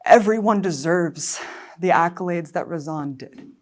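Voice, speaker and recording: Woman, low voice, interview guest, documentary filmmaker, passionate, indignant, emotional. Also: measured pace, a little mellow, a little hiss or hum. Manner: emotional, on the edge of tears at times.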